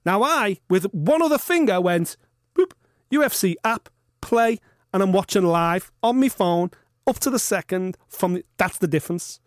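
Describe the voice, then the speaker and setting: Podcast host, man, high voice, animated sweary ranting, dry mic. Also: moderate pace, no room sound. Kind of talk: casual chat.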